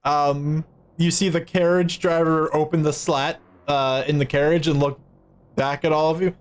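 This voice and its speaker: A man narrating as game master of a tabletop game, relaxed, with frequent stammered restarts. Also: on the high side, moderate pace. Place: home streaming setup.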